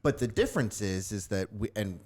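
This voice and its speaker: A man co-hosting a podcast, chatting casually and telling stories in an animated way into a studio microphone. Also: lowish voice, fairly quick, crowd noise. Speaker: podcast co-host. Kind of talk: casual chat.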